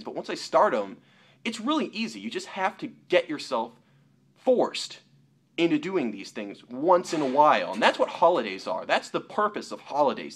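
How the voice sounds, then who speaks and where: Animated young man ranting on camera. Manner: animated, mocking quotes in a lower voice. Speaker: YouTuber. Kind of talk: opinion vlog rant.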